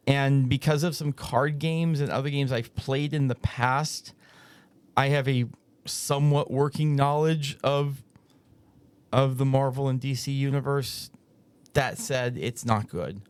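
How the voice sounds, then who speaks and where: A man's voice: mid-range voice, clean tone, no echo. A man co-hosting a movie podcast, joking around casually with lots of restarts. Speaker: podcast co-host.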